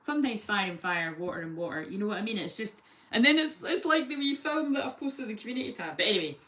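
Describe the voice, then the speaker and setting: A woman giving a casual, rambling tarot reading full of lively chatty asides. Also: medium pitch, quick pace. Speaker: tarot reader.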